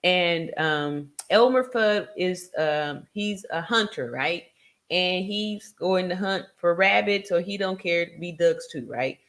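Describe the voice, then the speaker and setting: A woman's voice: on the low side, slow, fairly bright tone. A middle-aged woman talking casually to her audience, chatty, laughing often and tagging her points with rhetorical questions. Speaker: commentator. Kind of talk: casual monologue.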